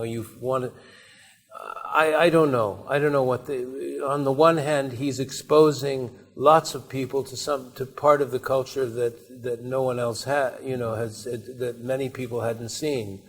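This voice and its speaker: A man giving a conversational talk at a university, telling anecdotes in a rambling way with frequent restarts and asides. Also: medium pitch. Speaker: invited speaker. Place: university seminar room.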